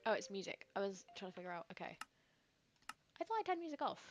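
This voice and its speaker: A woman's voice: mid-range voice, sing-song, fast talker, muffled recording, soft background music. A woman, chatting casually and thinking aloud while streaming a game, with lots of fillers and rambling asides. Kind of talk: casual gameplay commentary.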